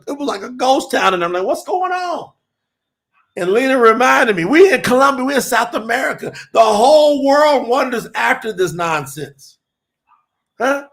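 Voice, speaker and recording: A man preaching fervently on a livestream, shouting scripture and then reading from his chat. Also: very high voice. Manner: shouts and drawls, reads chat aloud.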